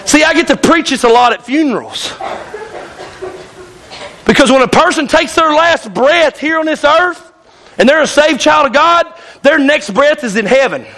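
A man's voice: very high-pitched, expressive, normal speed, pauses often, sharp tone. A male pastor preaching a fiery sermon in church, hollering and calling out to the congregation. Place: church sanctuary.

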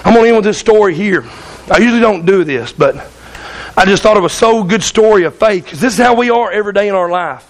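Male pastor, very high voice, emphatic repetitive sermon delivery. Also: quick pace, poor audio. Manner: emphatic, repetitive, keeps asking "Amen?".

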